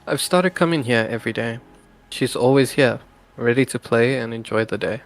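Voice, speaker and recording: A man's voice: mid-range voice, moderate pace, faint music behind, lightly acted. A man voicing an easygoing young male surfer who is upbeat and encouraging, in a video game. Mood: content.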